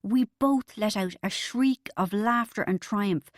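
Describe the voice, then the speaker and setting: A woman's voice: mid-range voice, takes it slowly, no echo, studio quality. A woman reading a comic novel aloud as an audiobook narrator, in a wry storytelling manner.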